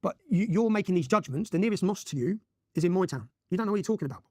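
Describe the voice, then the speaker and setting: A man's voice: sits high, expressive, very fast, dark tone, no echo, studio quality. A man from Luton, telling his own story as an interview guest, emphatic and often checking in with "yeah?". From Luton, England. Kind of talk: animated personal storytelling.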